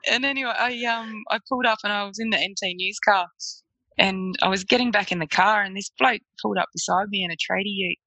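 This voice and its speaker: Bright-voiced Australian woman telling stories. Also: medium pitch, expressive, fairly quick, dry recording, low-quality recording. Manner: chatty, laughs often while telling stories. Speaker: guest photographer. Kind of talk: casual storytelling interview.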